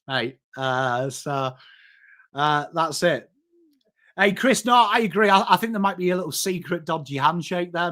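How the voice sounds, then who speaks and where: A man's voice: on the high side, a bit bright. An English man hosting a casual live stream, chatting with viewers and calling them mate. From England. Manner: chatty, banters with chat, calls people mate. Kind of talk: casual live-stream commentary reading chat.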